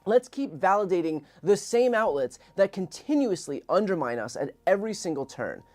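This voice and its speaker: A woman political commentator heard in a played clip, complaining with sarcasm about who gets interviews. Her tone is mellow and warm, and her pitch rises and falls expressively. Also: sing-song, moderate pace, soft background music.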